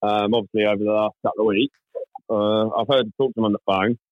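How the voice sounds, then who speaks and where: A man's voice: fairly low pitch, fast, no room sound, phone-quality sound. A man, co-hosting a podcast and telling a funny story in casual, swear-filled chat. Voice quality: sweary, animated anecdote-telling. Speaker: podcast co-host.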